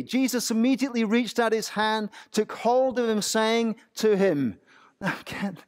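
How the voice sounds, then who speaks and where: A man with an English accent preaching a sermon as pastor, asking rhetorical questions in an animated way. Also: high-pitched, normal speed.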